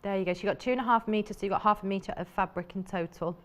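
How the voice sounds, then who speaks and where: A woman's voice: medium pitch, racing. A woman presenting live on a shopping channel in a TV studio, chatty and enthusiastic, rambling as she shows fabrics.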